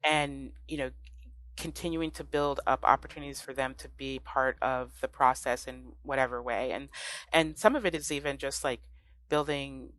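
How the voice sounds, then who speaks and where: A woman guest on a podcast interview, talking in a thoughtful, relaxed way with many fillers and restarts. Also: rumbling low, normal speed. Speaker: guest, ranked choice voting advocate.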